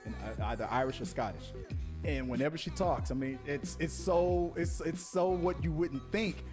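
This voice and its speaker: Animated, talkative male interview host. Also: on the high side, moderate pace, over music. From Houston, Texas, US. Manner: animated, talkative, rambling with restarts. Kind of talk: casual interview chat.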